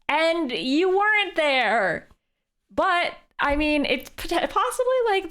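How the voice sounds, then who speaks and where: A woman's voice: high-pitched, fairly bright tone. A woman from Canada, a streamer, thinking aloud in casual, playful live game commentary.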